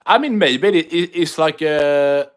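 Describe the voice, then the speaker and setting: A Swedish man with a Swedish English accent chats casually and profanely on an MMA livestream, reading chat aloud. His voice sits on the high side and is clear and resonant, with an unhurried pace.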